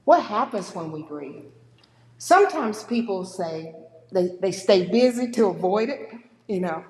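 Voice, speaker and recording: A woman's voice: medium pitch, a little slow. A woman giving a conversational church talk on grief, acting out the people she quotes. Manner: warm conversational, acts out quoted people with lively voices. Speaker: speaker at a church. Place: church sanctuary. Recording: echoey church hall with long reverb.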